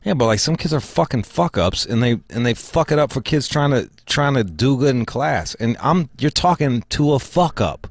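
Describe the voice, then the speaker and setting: A man's voice: mid-range voice, moderate pace, hardly any pauses, no room sound, studio quality. A man hosting a casual talk show, swearing freely and laughing as he rants. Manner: profane, animated, laughs often. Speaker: show host.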